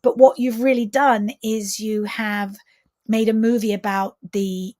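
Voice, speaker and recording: A middle-aged woman, a film director, chatting as a guest on a video call interview in an animated, expressive way, often restarting her sentences. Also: mid-range voice, measured pace, no room sound, clean studio sound. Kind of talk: casual interview chat.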